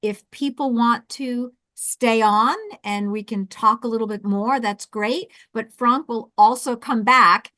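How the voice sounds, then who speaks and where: A woman with a South Jersey accent hosting a webinar, coaching with lively restarts and repeated words. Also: a little high, unhurried, hardly any pauses, no room sound. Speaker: webinar host and intercultural coach.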